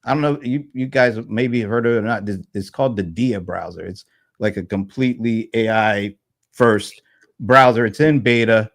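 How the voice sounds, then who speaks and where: A man hosting a casual panel chat, relaxed and rambling, with fillers and restarts. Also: fairly low pitch, moderate pace. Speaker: host.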